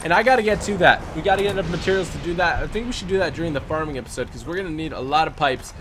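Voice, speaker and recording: A young man hosting a game live stream, chatting casually and giving quick, upbeat shout-outs with some stumbles. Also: on the high side, noisy background. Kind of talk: casual live-stream chat, reading out super chats.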